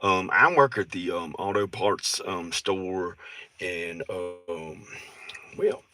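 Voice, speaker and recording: A man talking to a camera on a tripod outdoors in the woods, rambling and halting with many fillers and restarts. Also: low-pitched, expressive, pushed and bright, no room sound. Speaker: vlogger. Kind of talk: rambling casual monologue.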